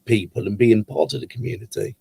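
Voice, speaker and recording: A man's voice: fairly low pitch, a little fast, vocal fry, background noise. A man hosting a podcast, asking questions in a casual, conversational interview. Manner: laughs easily, conversational. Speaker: podcast host.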